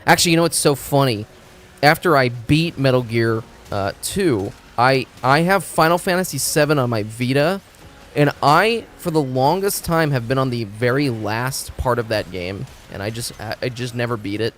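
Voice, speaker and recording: Here a man with a medium-pitched voice talks at a normal speed while streaming games. It's casual, rambling, profane live-stream chat, marked by stumbles over words and sentences he starts again.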